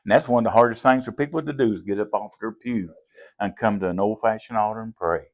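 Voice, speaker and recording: A man's voice: lowish voice, fast. An older man, a pastor with a Southern Appalachian accent, telling folksy stories in an interview. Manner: folksy, drawling storyteller who acts out quoted voices. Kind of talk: storytelling in a podcast interview.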